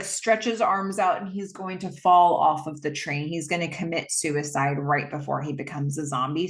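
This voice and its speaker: A woman casually retelling a film's plot, chatty with lots of fillers and visibly moved. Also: on the low side. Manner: conversational with many fillers, emotional. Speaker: film recap host. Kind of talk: casual movie recap.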